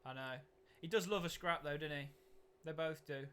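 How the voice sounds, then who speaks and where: A man's voice: on the high side, normal speed, a bit bright, clean tone. A man chatting casually on a podcast, often agreeing with the others. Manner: agreeable, backchannels a lot. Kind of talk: casual chat.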